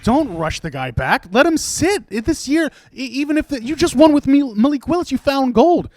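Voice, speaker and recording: A man's voice: extremely high pitch, very animated, normal speed, a little mellow, no echo. A man co-hosting a podcast, arguing sports points in an emphatic, casual way. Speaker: podcast co-host.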